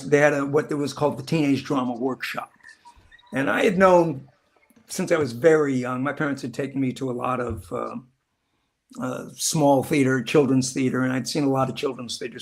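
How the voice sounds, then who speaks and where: A middle-aged actor telling stories in a casual interview, rambling and acting out quoted lines in different voices. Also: male voice, medium pitch. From Southern California. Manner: rambling, animated, acts out quotes. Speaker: actor guest.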